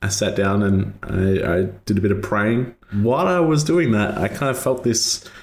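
A man playing a tabletop game, chatting in a lively way about his character. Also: on the low side, moderate pace. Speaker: player.

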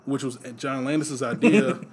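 A man's voice: mid-range voice, animated, normal speed, husky. A man co-hosting a casual podcast, sharing movie trivia in a loose, rambling way full of fillers. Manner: loose, rambling delivery with frequent fillers and laughs. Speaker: podcast co-host.

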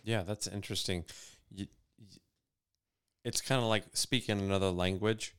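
Smooth-voiced man, thoughtful. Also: lowish voice, steady tone, moderate pace. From United States. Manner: thoughtful, asks questions, stammers when starting. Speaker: podcast co-host. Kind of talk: casual conversation.

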